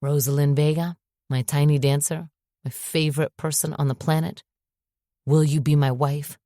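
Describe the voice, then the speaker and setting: Audiobook: woman reading a gentle, amused man, low and soft-spoken. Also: fairly even intonation, moderate pace, no room sound, clean studio sound. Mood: tender. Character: tender, amused man proposing, gentle and husky.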